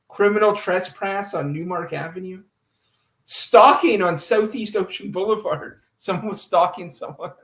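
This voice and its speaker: A man's voice: high-pitched, fairly bright tone, echoey room. A man co-hosting a casual livestream, reading local news items with amused asides. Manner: reads police blotter with amused asides. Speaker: livestream co-host.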